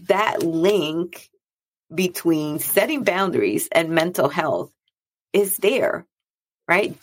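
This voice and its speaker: Woman, low gravelly register, earnest chatty monologue, repeats lines to drive the point home. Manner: earnest, conversational, repeats phrases for emphasis. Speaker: speaker on mental health and boundaries. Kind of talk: reflective monologue.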